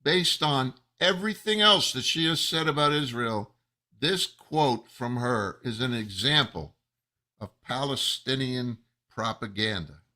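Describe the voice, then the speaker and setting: Slow angry man ranting. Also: mid-range voice, lively intonation, bright, forceful tone. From United States. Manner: angry, emphatic, slow, rising to outbursts. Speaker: rabbi. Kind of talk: angry commentary monologue. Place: New Jersey.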